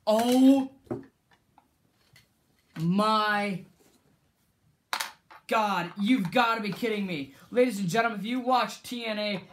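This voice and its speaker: A man doing excited play-by-play commentary for a figure wrestling show, bursting into shouted calls and putting on a ring announcer's delivery. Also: high-pitched, a little hiss or hum.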